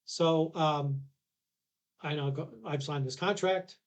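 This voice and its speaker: A man's voice: a little high, steady tone, takes it slowly. Older man spinning a story. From Canada. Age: 60s. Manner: rambling anecdotes with restarts, acts out quoted dialogue. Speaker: podcast guest. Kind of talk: casual storytelling.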